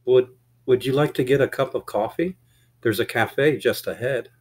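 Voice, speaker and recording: A man's voice: mid-range voice, moderate pace, lightly acted. A man voicing a startled young woman in an audiobook, with a raised, questioning voice. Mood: alarmed. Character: startled young woman waking in a strange future.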